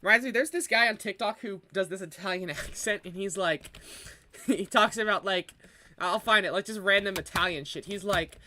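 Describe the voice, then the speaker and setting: Bright-voiced man chatting on a game stream. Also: high-pitched, moderate pace, slight background noise. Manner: laughs a lot, swears, chats with viewers. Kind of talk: casual livestream chat.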